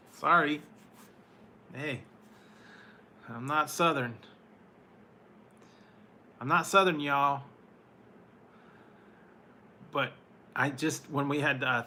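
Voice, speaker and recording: Fields: Sex: man. Role: food reviewer answering chat. Style: casual rambling live-stream talk. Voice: bright, forward. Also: mid-range voice, slight background noise. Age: adult, once married. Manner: rambling, with fillers and laughs.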